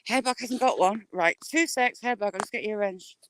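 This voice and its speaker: A woman's voice: mid-range voice, fairly quick, a bit bright, a little hiss or hum, rough recording. Woman, casual walking live-streamer, mid-range voice, friendly patter to viewers. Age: adult with a school-age child. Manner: chatty, greets viewers by name.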